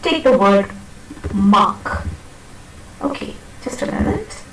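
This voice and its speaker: A woman with a medium-pitched voice and lively intonation takes it slowly as she teaches pronunciation to a class, patiently repeating and demonstrating words and checking that students follow. The echoey classroom is heard from a distant mic, with slight background noise.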